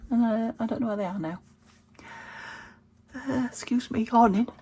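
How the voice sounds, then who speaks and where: A woman's voice: a little high, moderate pace, mellow, breathy edge. A British woman chatting casually as she crafts at her home desk, thinking aloud and laughing at herself while she works. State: recovering from a fever. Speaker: craft vlogger. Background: traffic through an open window.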